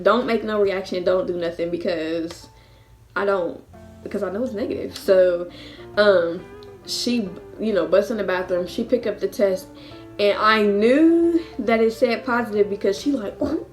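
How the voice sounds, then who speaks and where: A lively vlogger in her twenties tells a casual story at a moderate pace, her voice pitched in an ordinary middle range over faint background music. She laughs a lot while acting out the voices of family and friends.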